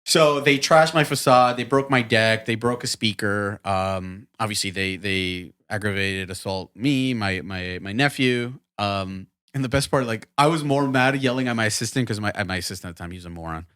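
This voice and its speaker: A man's voice: on the low side, moderate pace, hardly any pauses, clear, resonant tone. A man who runs a wedding entertainment business, a podcast guest telling a story casually and animatedly, swearing freely. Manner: animated, swears freely, acts out quotes in raised voice.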